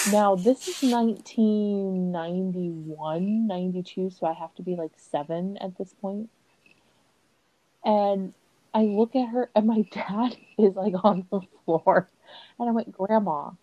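A woman's voice: mid-range voice, low-quality recording. A woman in her thirties, a podcast host in casual chat, telling stories with lots of laughter and acted-out quotes. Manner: animated storyteller, laughs often, acts out quotes.

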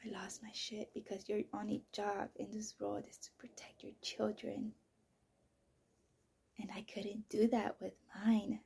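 A woman telling a raw personal story as a mother, swinging between loud outbursts and near-whispers. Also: mid-range voice, level tone, a little slow, creaky, slight background noise. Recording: voice message.

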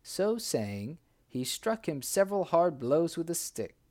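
Lively male storybook narrator. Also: on the high side, measured pace. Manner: lively, acts out the characters' cries. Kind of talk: storybook reading.

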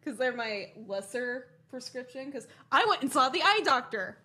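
A young woman co-hosting a podcast, telling animated, swear-filled stories and laughing often. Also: high voice, moderate pace. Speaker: podcast co-host. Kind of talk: casual chat.

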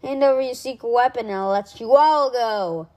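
A showy crab monster magician, bossy, vain and gloating, read aloud by a woman in a storybook. His lines come out loud and raised, with a theatrical swagger. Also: fairly high pitch, moderate pace, natural voice.

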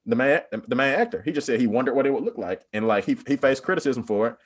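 A man's voice: medium pitch, lively intonation, fast talker, breathy edge. A man in casual podcast discussion, rambling with many "like" fillers and bursts of animation.

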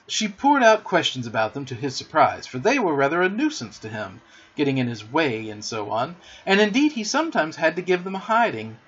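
A man narrating a children's storybook in an animated, theatrical reading, recorded dull and lo-fi. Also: fairly high pitch, fairly quick, slightly rough. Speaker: audiobook narrator.

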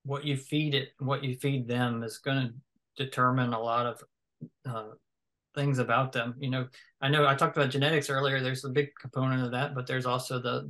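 A man's voice: medium pitch, fairly bright tone. A man from the American South, a guest in a casual conversation, rambling and thinking aloud with many fillers and restarts.

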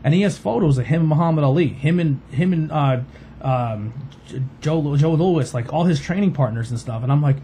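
Fast-talking man from spinning a story. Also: fairly high pitch, warm tone, slight background noise. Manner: rambling, many fillers, acts out quoted voices. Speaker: podcast host. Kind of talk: casual storytelling chat.

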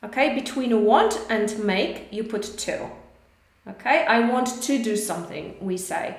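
A woman's voice: medium pitch, animated, unhurried. A woman with a Polish accent who teaches English in a live online lesson, chatty and encouraging, with many fillers while she corrects her students. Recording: echoey room.

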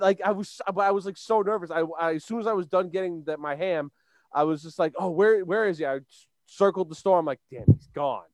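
A man's voice: sits high, fairly quick, a little mellow, dry recording. A young man from Long Island, co-hosting a casual chat show and telling a rambling story full of fillers and restarts. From Long Island, New York. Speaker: podcast co-host.

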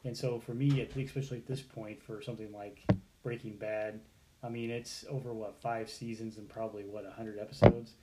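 A man's voice: on the low side, level tone, a little fast. A man co-hosting a casual chat, rambling and correcting himself as he talks. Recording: echoey room with clear noise.

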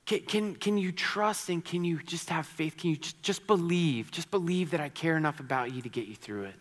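Man, pastor, sermon, conversational and earnest, repeats words, slightly high voice, long hall reverb. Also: moderate pace.

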